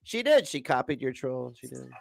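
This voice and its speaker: A man's voice: mid-range voice, sing-song, normal speed, vocal fry. A man ranting in a crude, boastful way, often breaking into giggles. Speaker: streamer being reacted to.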